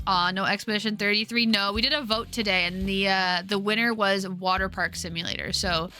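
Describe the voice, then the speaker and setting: A woman in her twenties chatting casually while streaming a game, talking in a giggly, upbeat voice she keeps high out of long habit from customer service. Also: fairly even intonation, brisk, sharp tone, faint music behind. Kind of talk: casual chat while gaming.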